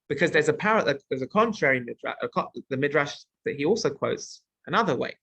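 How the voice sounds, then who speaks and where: A man's voice: on the high side, lively intonation, brisk, fairly bright tone, breathy edge, dry recording. A man teaching a text study class, reading Hebrew phrases and explaining them as he goes, with frequent restarts. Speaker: Torah teacher.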